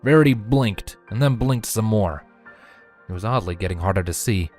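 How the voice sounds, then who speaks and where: Low-voiced man narrating a story. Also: expressive, normal speed, a little mellow, faint music behind. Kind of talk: fan fiction audiobook narration.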